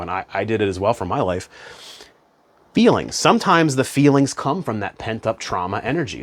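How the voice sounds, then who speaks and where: With a low voice, a man speaks as a spiritual self-help coach in a relaxed, conversational monologue. He keeps dropping in "you know" and "man."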